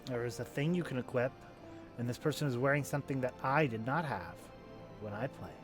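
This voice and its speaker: A man's voice: mid-range voice, brisk, soft background music. A man streaming a video game, chatting casually in a rambling, self-mocking way. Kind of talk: casual game commentary with voiced readings.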